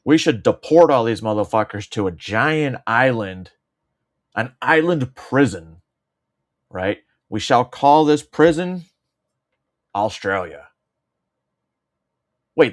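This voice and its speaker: A man's voice: mid-range voice, lively intonation, slow pace, pauses often. A man co-hosting, cracking sarcastic, profane jokes in casual chat. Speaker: co-host.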